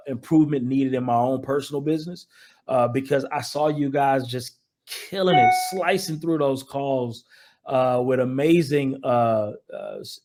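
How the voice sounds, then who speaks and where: A man who is an investor, a guest in a casual interview, with a smooth, cool late-night DJ voice. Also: mid-range voice, darkish tone.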